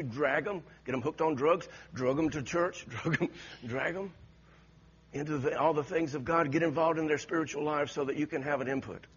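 A man preaching with passionate, repetitive exhortations. His voice is very husky and breathy in a middle register. The recording is dull and lo-fi. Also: mid-range voice. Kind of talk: sermon.

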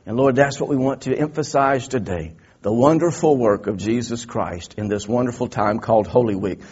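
A male pastor delivers a sermon in an earnest voice, leaning on repeated phrases to build emphasis. His voice is a little husky, and the recording sounds somewhat dull and lo-fi. He reads scripture at a slow, deliberate pace. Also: medium pitch, darkish tone. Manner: reads King James scripture slowly and deliberately.

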